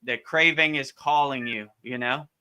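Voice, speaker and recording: A relaxed man, a spiritual teacher, answers questions live in an easygoing way, often repeating himself and filling pauses. His voice is bright and crisp, and it sits at an ordinary pitch. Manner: easygoing, repeats words, many fillers. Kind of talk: casual live Q&A advice.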